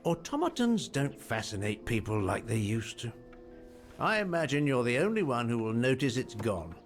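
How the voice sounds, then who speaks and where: A man's voice: medium pitch, big pitch swings, moderate pace, lightly acted. An actor playing a courteous, resigned elderly male shopkeeper in a video game, speaking formally. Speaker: game character. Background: faint game music.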